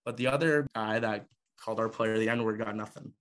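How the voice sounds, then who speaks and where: A man's voice: on the low side, fairly quick, fairly bright tone. A young man from Canada, a former hockey player, telling a personal story in a casual, conversational way, with frequent filler words. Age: young adult.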